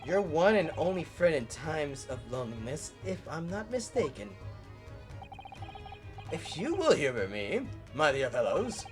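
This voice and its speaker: Over faint game music, a streamer reads game dialogue aloud in a medium-pitched, sing-song voice, playing a flamboyant, grandiose male detective with pompous, drawn-out flourishes.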